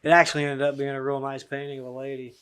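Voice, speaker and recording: A man's voice: mid-range voice, little pitch movement, quick pace, fairly bright tone, clear, resonant tone. Male fill-in guest, easygoing anecdote teller, casual chat. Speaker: guest co-host.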